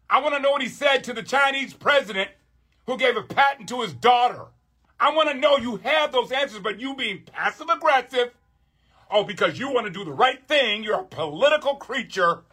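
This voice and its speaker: A man's voice: extremely high pitch, expressive, fairly quick, pushed and bright, husky. A man hosting a podcast, delivering a heated, profane political rant with emphatic repetition. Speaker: podcast host.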